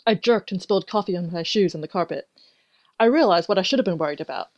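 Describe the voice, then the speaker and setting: A woman narrating a first-person story in an even, measured way. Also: on the low side, no echo. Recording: dry, dull lo-fi recording.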